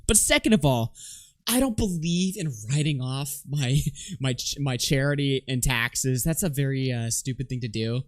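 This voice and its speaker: A man's voice: medium pitch, moderate pace, no room sound, studio quality. A man streaming live, reacting to clips with sarcastic, laughing commentary. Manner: mocking, sarcastic, laughs a lot.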